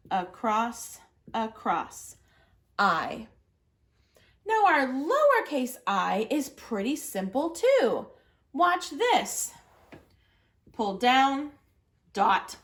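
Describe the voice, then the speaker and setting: A woman's voice: mid-range voice, fairly bright tone. A woman teaching a children's reading lesson, patiently walking young learners through writing letters and saying their sounds. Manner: encouraging, patient, prompting the viewer to repeat. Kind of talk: early literacy lesson, guiding children through letter formation.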